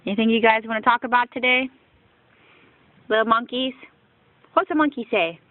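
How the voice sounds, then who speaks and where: A woman filming her small children at home, asking slow, encouraging questions in coaxing baby talk. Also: on the high side. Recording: tinny, phone-like home video.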